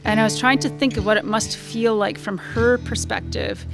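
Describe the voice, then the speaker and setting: A woman with a higher, gravelly voice talks at a moderate pace with fairly even intonation. She's a singer-songwriter chatting onstage between songs at a live concert, losing her train of thought and then finding it again, while guitar plays underneath the recording.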